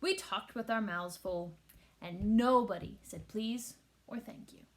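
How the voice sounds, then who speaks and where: A woman reading a children's picture book aloud with expressive storytelling. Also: mid-range voice, a little slow. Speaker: teacher.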